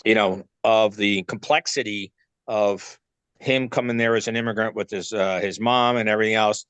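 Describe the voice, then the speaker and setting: A man's voice: lowish voice, fairly even intonation, normal speed, fairly bright tone, clear, resonant tone, no echo. A man with a New York accent, speaking as an interview guest in a loose way, with many fillers while he searches for words. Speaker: actor and filmmaker guest. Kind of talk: casual interview talk.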